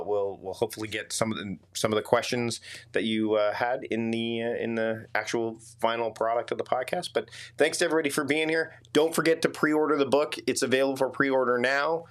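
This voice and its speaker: A man's voice: mid-range voice, fairly even intonation, brisk, clear, resonant tone. A man with a Canadian accent hosting a livestream interview over a video call, chatty with many restarts and fillers. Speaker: podcast host.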